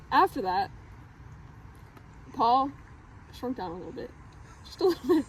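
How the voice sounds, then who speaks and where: Deadpan woman spinning a tall tale. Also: mid-range voice, slight background noise, low-quality recording. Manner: deadpan mock-serious, laughs through lines. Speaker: storyteller.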